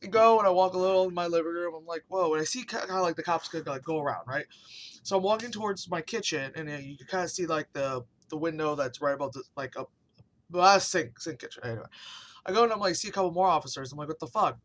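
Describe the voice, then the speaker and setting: A woman's voice: on the low side, quick pace. A woman telling a story in a casual vlog rant, rambling and swearing, with lots of fillers. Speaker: vlogger.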